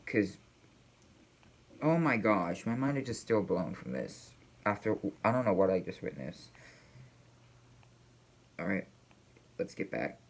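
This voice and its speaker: A man hosting a casual reaction video, talking in a rambling, halting way with many fillers and restarts, apparently from a room at home. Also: deep voice, lively intonation, vocal fry.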